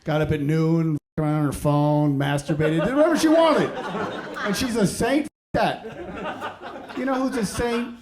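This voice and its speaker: A middle-aged man doing a stand-up routine about parenting, ranting in an exasperated way and breaking into shouted outbursts. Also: fairly high pitch, measured pace, a crowd in the background. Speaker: stand-up comedian. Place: comedy stage before a laughing audience. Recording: live stage set with loud audience noise.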